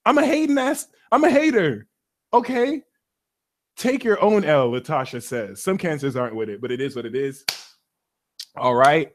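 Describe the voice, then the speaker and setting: A man hosting a live astrology stream, ranting theatrically and profanely, swinging from mumbles to loud outbursts. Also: a little high, animated, moderate pace, pauses often. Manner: profane, slangy. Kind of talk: animated rant on a live stream.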